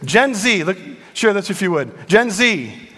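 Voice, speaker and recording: Middle-aged pastor, high voice, lively and joking, hall reverb. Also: male voice, measured pace. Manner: animated, joking with the congregation. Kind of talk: sermon. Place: church sanctuary. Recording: long reverb in a large hall.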